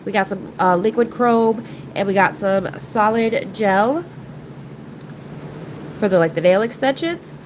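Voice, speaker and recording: Woman live-stream host, congested and nasal, chatty and apologetic, middle pitch. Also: animated, a little slow, pauses often, noisy background. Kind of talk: casual live-stream chat.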